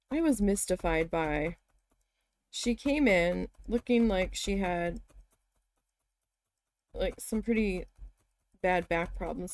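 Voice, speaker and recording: A woman's voice: mid-range voice, darkish tone. A woman chatting casually while she works on a craft, telling stories and talking to her cat. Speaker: crafting vlogger.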